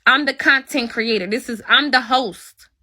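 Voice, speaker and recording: A woman's voice: fairly high pitch, normal speed, sharp tone. A woman hosting her own livestream and ranting at her viewers, blunt and heavy with swearing. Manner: blunt, profane, confrontational. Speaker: livestream host. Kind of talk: angry livestream rant.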